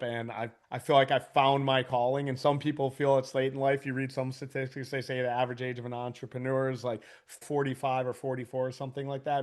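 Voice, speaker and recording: A man in his forties, a business owner guest on a podcast, telling casual stories in an animated way, laughing often and swearing freely. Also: medium pitch, smooth. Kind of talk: casual storytelling.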